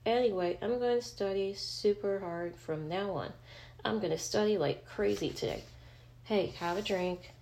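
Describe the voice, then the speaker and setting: A woman's voice: mid-range voice, normal speed, gravelly, darkish tone, lightly acted. Woman reading as a flustered student girl, thinking aloud, a bit fried. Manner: self-talking, flustered. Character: flustered tired young female student.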